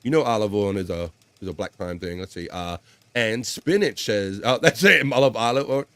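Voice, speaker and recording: A man's voice: lowish voice, normal speed, fairly bright tone, no room sound. A man hosting a live stream, joking loosely and cursing often as he reads viewer comments and news stories aloud. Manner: loose, profane, joking banter with frequent laughs.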